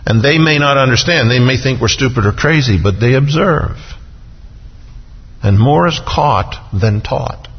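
Man, sermon, earnest preacher, husky voice, long hall reverb, muffled lo-fi sound. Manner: earnest, rises in pitch when stressing points, slows on quoted scripture.

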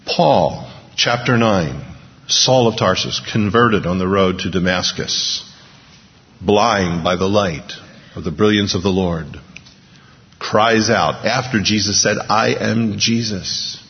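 A man preaches in a low, gravelly voice, his earnest sermon moving between hushed passages and emphatic ones. The recording is dull and lo-fi, and the words ring out with a long reverb. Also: slow pace. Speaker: pastor.

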